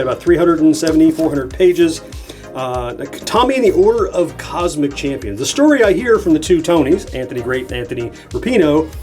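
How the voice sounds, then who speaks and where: A man in his forties hosting a nostalgia channel, chatting enthusiastically while unboxing and thinking aloud. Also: fairly high pitch. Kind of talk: casual unboxing narration. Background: soft background music.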